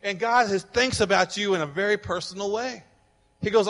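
A man preaching a fervent sermon as pastor, building to loud declarations, recorded in a church with long reverb. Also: high-pitched, normal speed. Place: church sanctuary. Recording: long reverb of a large hall.

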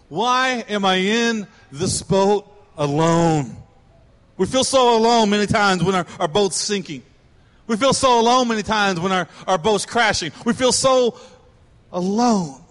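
A man's voice: high voice, lively intonation, unhurried, fairly bright tone, big-room sound. A man preaching a sermon, emphatic and repetitive, swelling to passionate cries. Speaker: pastor.

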